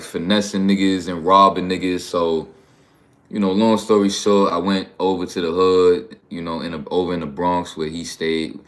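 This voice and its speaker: A man from New York hosting a livestream, talking bluntly and profanely in a rambling, casual way. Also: deep voice. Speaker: livestream host.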